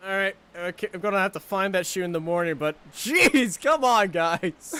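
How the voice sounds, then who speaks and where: A man calling a live sim racing broadcast as play-by-play commentator, excitable and shouting at the big moments. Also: high-pitched, normal speed, smooth.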